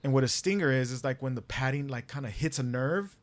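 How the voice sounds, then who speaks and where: A young man on a podcast, telling a story in a casual, animated way, laughing and swearing as he goes. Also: medium pitch, fairly quick, no echo. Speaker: podcast co-host.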